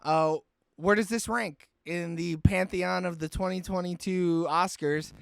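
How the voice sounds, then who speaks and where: A man's voice: high voice, fairly even intonation, unhurried, creaky, clean tone, no echo, studio quality. A man hosting a casual movie podcast, swearing freely and laughing often. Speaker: podcast host. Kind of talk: casual chat.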